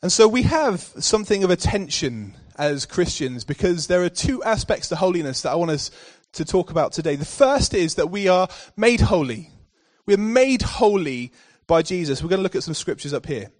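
A male preacher with a somewhat high voice, delivering a sermon to his church. He opens with warm personal storytelling, then rises into emphatic, forceful readings of scripture. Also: very animated, normal speed, hardly any pauses.

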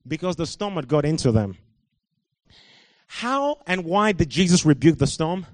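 High-voiced preacher man from Africa. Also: big pitch swings, normal speed, long pauses, no echo. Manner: swings from quiet musing to loud shouting, laughs at himself. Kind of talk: sermon.

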